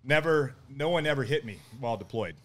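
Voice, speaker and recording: A middle-aged man, a podcast guest, tells a story in casual chat. He talks in an animated way, laughs often and acts out what people said. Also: medium pitch, a little fast.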